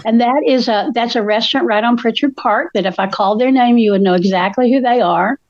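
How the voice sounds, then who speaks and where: A woman's voice: fairly high pitch, brisk, no room sound, highs cut off. An older woman, a co-host telling stories in casual chat, feisty and acting out the voices of the people she quotes.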